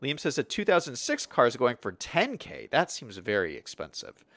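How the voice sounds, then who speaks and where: In a mid-range voice at a moderate pace, a young man from the Western United States streams a city-building game, casually and lively reading out viewer comments with lots of fillers and restarts. The recording is dry.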